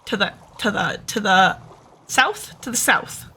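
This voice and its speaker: A woman's voice: medium pitch, a little slow, bright, forceful tone, husky. A tired woman streamer rambling casually to herself while she plays. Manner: chatty, rambling, self-talking. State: tired, short on sleep. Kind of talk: casual gameplay commentary.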